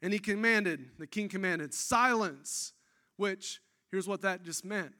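An excitable man preaching, his voice pitched high for a man and ringing bright. He tells the scripture story dramatically, with casual, chatty asides to his listeners. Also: normal speed. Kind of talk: energetic sermon storytelling.

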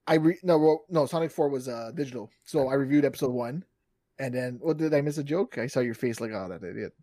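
A man's voice: mid-range voice, fast talker, dark tone, no room sound. A man in his thirties, a podcast co-host, chatting casually and animatedly, acting out quotes and laughing often. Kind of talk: casual chat.

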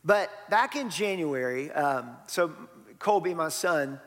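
Pastor guy preaching, chatty, keeps asking the crowd questions, voice a bit high, long echo off the church hall. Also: animated, slow pace, fairly bright tone. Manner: conversational preaching, rhetorical questions to the congregation. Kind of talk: sermon.

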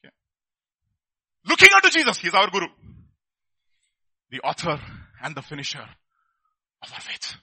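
A man preaching a lively sermon, asking his listeners rhetorical questions and acting out the people in his stories. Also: high-pitched, fast talker, pauses often, slightly rough, no echo.

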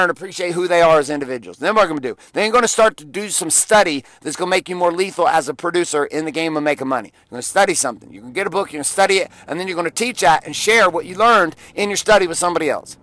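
Middle-aged guy ranting, blunt and sweary, gets shouty, voice kinda high. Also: dry recording. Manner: blunt, profane and emphatic, rising to shouting. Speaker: motivational podcast host. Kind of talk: intense motivational monologue.

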